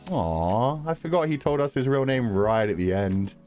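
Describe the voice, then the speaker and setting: A man's voice: mid-range voice, lively intonation, a little mellow, soft background music. Joking, rambling young man streamer. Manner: joking, rambling, quick to laugh. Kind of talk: casual game commentary.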